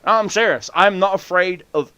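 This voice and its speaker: Man, podcast host, boastful storyteller, heavy swearing, fairly high, dry close sound. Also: brisk, bright, forceful tone, clean tone, dry recording, highs cut off. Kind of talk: casual chat.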